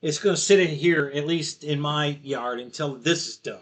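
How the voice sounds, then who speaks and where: A middle-aged man chatting casually as host of a live stream, with a high, bright voice. He tells stories in a loose, rambling way, circling back and laughing at his own jokes. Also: normal speed. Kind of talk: casual chat.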